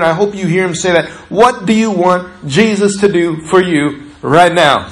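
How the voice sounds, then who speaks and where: A pastor preaching a sermon, asking the congregation questions and often dropping his voice low and slow. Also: rough recording. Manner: preachy, asks the listeners questions, often drops soft and slow.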